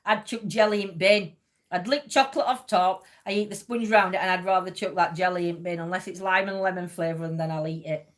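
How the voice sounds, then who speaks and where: A woman's voice: lowish voice, steady tone, a little fast. Woman, rambling casual chat, laughs a lot, livestream host. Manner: chatty and rambling, laughs often.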